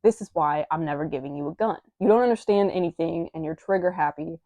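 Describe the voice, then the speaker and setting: A woman voicing a gruff, scolding old male gunsmith. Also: deep voice, fast talker, mellow, no room sound, close to an everyday voice.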